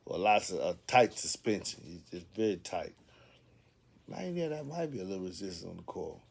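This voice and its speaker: A middle-aged man hosting a casual livestream. He talks loud and excitable, full of slang, and laughs often. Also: lowish voice. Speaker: host of a car audio livestream.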